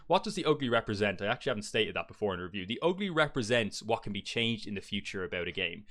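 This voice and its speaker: Fast-talking blunt man. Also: lowish voice, pushed and bright. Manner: chatty, blunt, swears, many fillers. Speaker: game reviewer. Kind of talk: casual spoken game review.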